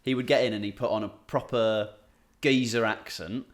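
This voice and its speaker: A man's voice: on the low side, fairly even intonation, normal speed. A man, a comedian and podcast co-host, chatting casually and telling a rambling story with restarts. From England. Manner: rambling, self-interrupting storyteller. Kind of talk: casual chat.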